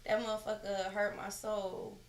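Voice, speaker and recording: A woman's voice: mid-range voice, moderate pace, a crowd in the background. A young woman co-hosting a casual podcast chat, telling stories with big laughs and plenty of swearing. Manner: animated storytelling, swears freely, laughs loudly. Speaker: podcast co-host. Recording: echoey room, faint noise.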